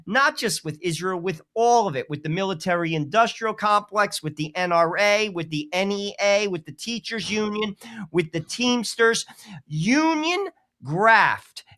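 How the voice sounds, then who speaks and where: Ranting male co-host. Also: sits high. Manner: forceful, ranting delivery with repeated phrases. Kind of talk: live political talk show.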